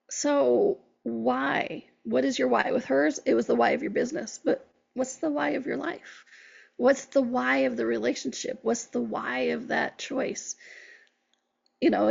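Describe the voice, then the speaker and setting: Female podcast host and life coach, earnest motivational delivery, raspy with heavy vocal fry, on a dull recording. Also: high-pitched. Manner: earnest, encouraging, quotes herself and clients in conversation. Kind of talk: motivational talk.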